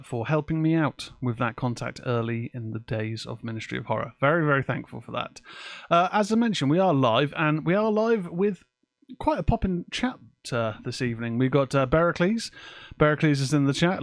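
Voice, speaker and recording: A man's voice: medium pitch, no room sound. A man hosting a live-streamed podcast from his home office, chatting casually and swearing offhandedly. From England. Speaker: podcast host. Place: home office with windows open. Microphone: desk microphone.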